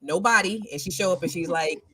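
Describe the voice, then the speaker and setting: A woman in her late forties chats candidly about dating as a co-host. She is blunt and jokey, and she talks in a relaxed, conversational way. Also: fairly low pitch, quick pace, husky. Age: 40s. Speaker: podcast co-host. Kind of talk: casual chat.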